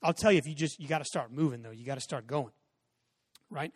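A man's voice: mid-range voice, fast, slightly rough, no echo, clean studio sound, big-room sound. A man in his forties, a pastor giving a sermon, telling stories conversationally and acting out exchanges in a raised voice. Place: church sanctuary with a stage and audience seating.

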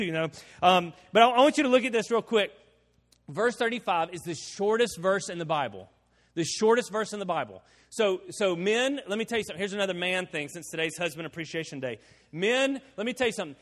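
A man preaching a sermon as pastor, animated and joking, swinging between loud emphasis and quiet asides. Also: sits high, fairly quick. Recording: long reverb of a large hall.

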